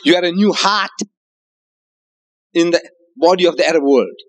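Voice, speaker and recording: A man's voice: a little high, moderate pace. A man from Africa, giving an emphatic public lecture with rhetorical questions, repeated phrases and chuckling asides. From South Africa. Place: hotel lecture hall.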